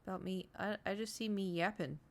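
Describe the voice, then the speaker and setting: A woman's voice: mid-range voice, fairly even intonation, brisk, creaky. Chatty rambling woman streamer. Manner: chatty, rambling, talks straight to chat. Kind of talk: casual live-stream chat.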